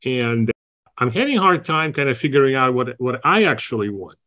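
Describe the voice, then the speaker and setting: A man's voice: mid-range voice, lively intonation, a little fast, sharp tone. A man on a casual group call asking a question, musing and searching for words. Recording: muffled lo-fi audio.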